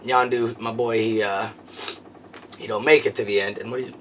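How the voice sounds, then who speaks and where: Guy gushing about a movie, super excitable, kinda far off mic with a little hiss. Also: on the low side, normal speed. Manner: excitable, gushing, keeps exclaiming and laughing. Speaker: movie reviewer. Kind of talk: casual chat.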